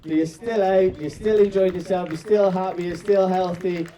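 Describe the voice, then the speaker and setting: A man's voice: high-pitched, steady tone, normal speed, mellow, poor audio. A young man giving a rambling, cheeky best man speech at a wedding party at night, joking and swearing. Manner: rambling, cheeky, swearing, laughing at his own jokes. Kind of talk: casual, jokey wedding toast.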